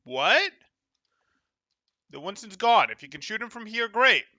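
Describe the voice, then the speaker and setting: A man's voice: high-pitched, expressive, fairly quick, bright, forceful tone, no echo, lo-fi sound. Exasperated young man coaching a game review. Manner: exasperated, incredulous critique. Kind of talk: coaching commentary over gameplay review.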